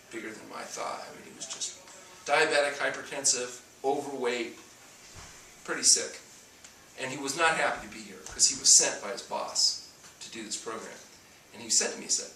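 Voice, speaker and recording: Bright-voiced man lecturing in an echoey room. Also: mid-range voice, normal speed, a little hiss or hum. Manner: storytelling, acts out dialogue. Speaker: doctor giving a talk on fasting. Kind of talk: talk to an audience. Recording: echoey room, mic at a distance.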